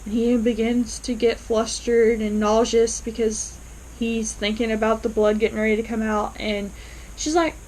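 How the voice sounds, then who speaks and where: Woman, casual episode recap, animated storyteller, fairly high voice. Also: moderate pace, slight background noise, rough recording. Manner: animated, acts out characters' lines in quotes. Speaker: TV episode reviewer.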